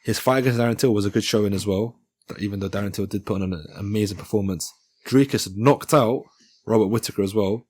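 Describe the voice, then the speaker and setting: With a lowish voice, a darkish tone and a quick pace, this MMA channel host casually analyzes upcoming fights. His commentary is chatty and joking, and he keeps correcting himself mid-sentence.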